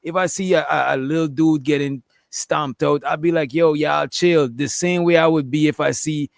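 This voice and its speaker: A man's voice: fairly high pitch, steady tone, moderate pace, creaky, no room sound, studio quality. A man in a casual panel debate, laid-back and slangy, laughing as he talks.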